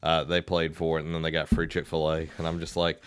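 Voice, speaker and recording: Deep-voiced Southern man, rambling chat. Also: monotone, brisk, slight background noise. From Southern United States. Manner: rambling storyteller, many fillers, laughs easily. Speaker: podcast co-host and school band director. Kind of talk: casual podcast chat.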